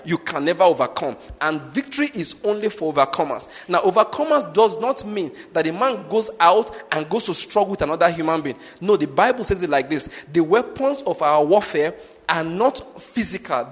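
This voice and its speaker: A man's voice: sits high, long reverb tail. A man preaching a sermon in an emphatic way, often asking his listeners whether they follow his point. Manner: emphatic, repeats rhetorical questions to the congregation.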